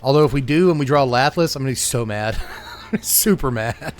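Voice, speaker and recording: A man's voice: mid-range voice, animated, fast, soft background music. A man hosting a card game channel, giving wry, joking gameplay commentary and chuckling often.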